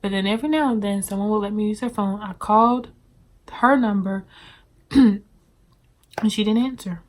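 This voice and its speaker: A young woman with a Southern US accent telling her personal testimony in an earnest, halting way, full of fillers and restarts. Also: medium pitch. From Southern United States. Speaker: testimony speaker.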